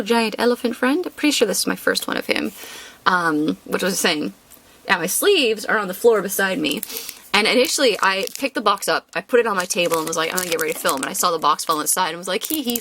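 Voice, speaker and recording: A young woman chatting casually in her apartment while opening card packs, rambling and jumping up in pitch when she names each card. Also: a bit bright, slight background noise. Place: her apartment room, sitting on the floor.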